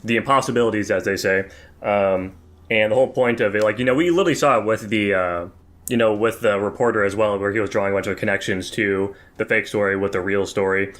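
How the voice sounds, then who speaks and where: A man's voice: lowish voice, fast, fairly bright tone. A young man co-hosting a casual movie review podcast, talking loosely with lots of fillers and slang. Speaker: podcast co-host.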